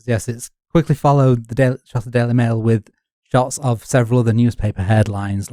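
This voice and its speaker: A man from the north of England co-hosting a history podcast, telling the story with wry, deadpan humour. His voice sits mellow and dark in a close, dry recording. His colours the relaxed talk. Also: medium pitch, a little fast, dry recording. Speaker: podcast co-host. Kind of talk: casual history podcast chat.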